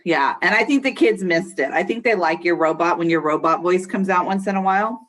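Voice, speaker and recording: A woman's voice: on the low side, a little fast, a bit bright. A woman hosting an online school assembly for students, cheerful and playful, teasing her co-host. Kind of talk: upbeat school assembly talk. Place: video call for an online assembly.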